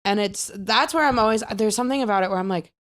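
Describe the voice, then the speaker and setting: A woman's voice: mid-range voice, quick pace. A young woman with a Wisconsin accent, co-hosting a podcast in casual chat, rambling with many fillers and restarts. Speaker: podcast co-host.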